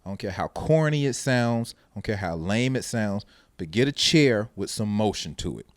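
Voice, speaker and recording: Animated podcast host, low-voiced man. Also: normal speed, no echo. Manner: animated storyteller, acts out quotes. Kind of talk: casual chat.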